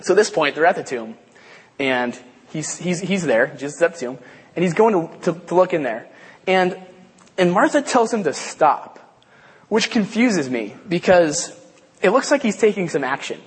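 A man giving a casual Bible lesson, halting and repeating himself with many fillers. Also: on the high side, big pitch swings, slightly rough. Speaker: Bible study teacher. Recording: long hall reverb.

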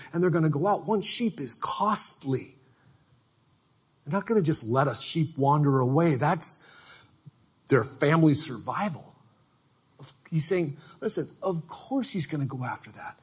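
Husky-voiced man preaching a lively sermon. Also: fairly high pitch. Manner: conversational and animated, acting out everyday people. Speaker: pastor.

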